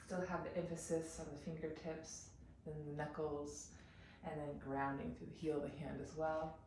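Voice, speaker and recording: A woman teaching a yoga class, calmly talking students through poses and breaths. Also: low voice, distant mic, slight background noise. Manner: calm, unhurried cueing with breath counts. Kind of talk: guided yoga instruction. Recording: very echoey room, off mic.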